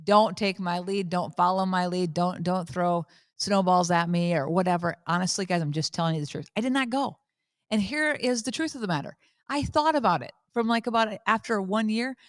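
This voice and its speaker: A woman in her fifties hosting a faith podcast, telling a candid personal story with lively repetition. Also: fairly low pitch, normal speed, dry recording, clean studio sound. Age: 50s. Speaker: podcast host. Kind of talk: casual faith talk.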